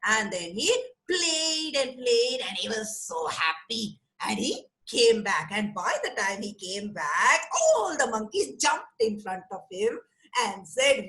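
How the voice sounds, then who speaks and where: A woman with an Indian English accent telling a story to children on a video call, animated and asking them questions. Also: a little high, slow.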